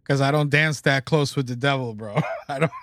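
A man hosting a podcast, running through horror news with excitable, self-mocking, foul-mouthed chatter. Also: mid-range voice, moderate pace, dry recording, clean studio sound. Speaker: podcast host. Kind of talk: casual banter reading news items.

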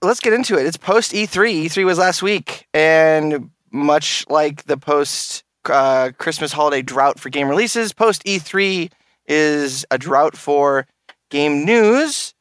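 Animated joking podcast host. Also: male voice, on the high side, takes it slowly, clean tone, no echo, studio quality. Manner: joking, laughs often, crude. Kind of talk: casual gaming podcast chat.

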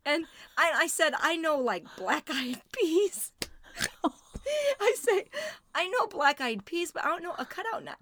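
A middle-aged woman co-hosting a podcast, telling a funny story in an animated way and laughing often. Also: very high-pitched, normal speed, no room sound. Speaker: podcast co-host. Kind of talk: casual storytelling chat.

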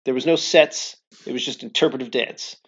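A man's voice: mid-range voice, moderate pace, breathy edge. Guy cohosting a movie podcast, chatty storyteller, laughs a lot, kinda muffled audio. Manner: animated storyteller, laughs often. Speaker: podcast co-host. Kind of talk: casual chat.

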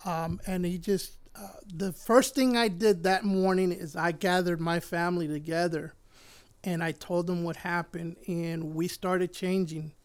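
He's a middle-aged man from Puerto Rico who serves as a church elder and pastor. In an unhurried, high-sitting voice with a steady tone, he gives his faith testimony earnestly and from the heart, turning emotional now and then.

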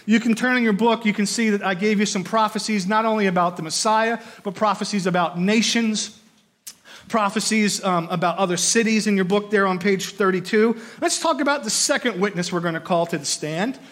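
A man with a notably high voice delivers a sermon to a class. He talks in an animated way, telling vivid stories, counting aloud and asking rhetorical questions of his listeners. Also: fairly quick. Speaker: pastor or teacher.

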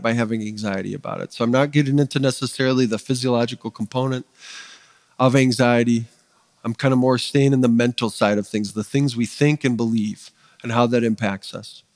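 A man's voice: mid-range voice, fairly quick, no echo, long reverb tail. A man preaching a sermon as pastor, earnest and conversational, building his points with emphatic rising lists. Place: church sanctuary.

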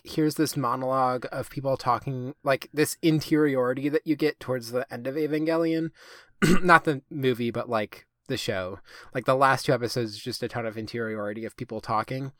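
Talking fairly quickly in a mid-range, fairly bright voice, a male podcast co-host rambles casually, dropping plenty of fillers and swear words. It's studio-quality audio without any echo.

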